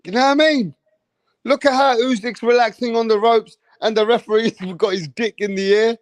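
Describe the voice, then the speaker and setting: An English man rants about boxing in an animated, profane, comedic way, swearing constantly and dropping into mocking impressions. His voice sits fairly high for a man, and the recording is dry and close. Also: normal speed, no room sound. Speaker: boxing commentator.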